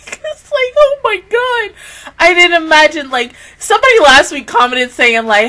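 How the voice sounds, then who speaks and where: A woman reviews an anime episode in an overwhelmed, emotional rush, her high voice swinging widely in pitch. She sounds tearful and close to crying, cursing and exclaiming as she talks. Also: big pitch swings, normal speed, pushed and bright. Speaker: anime reaction host.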